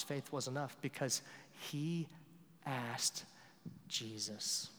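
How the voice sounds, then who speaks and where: A young male pastor preaching a sermon in a conversational way, repeating words and swinging between loud emphasis and quiet asides. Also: medium pitch, measured pace, long reverb tail.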